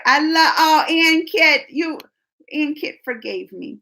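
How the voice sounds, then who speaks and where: Woman in her 40s rambling to her live chat, laughs a lot, high voice. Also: slow, gravelly. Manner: chatty, animated, laughs often, rambling. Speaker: livestream host reading chat.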